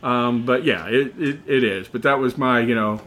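A middle-aged man and former car salesman, telling a rambling story in casual chat and animated when he quotes others. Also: medium pitch, moderate pace.

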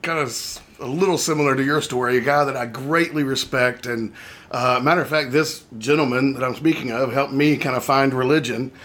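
A man's voice: mid-range voice, steady tone, fairly quick, a bit bright. A middle-aged man and car salesman, co-hosting a casual chat and prompting with questions. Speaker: podcast co-host, car salesman.

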